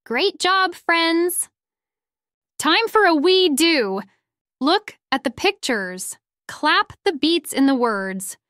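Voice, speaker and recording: A middle-aged woman, a first-grade teacher, gives a phonics lesson for young children and sounds out words slowly and clearly. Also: high-pitched, very animated, a bit bright, no echo, clean studio sound.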